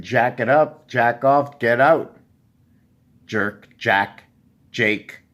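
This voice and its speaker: A man's voice: medium pitch, slightly rough. A man talking alone in a rambling monologue, jumping between puns and asking himself questions as he goes. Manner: free-associating wordplay, questions to himself. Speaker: vlogger.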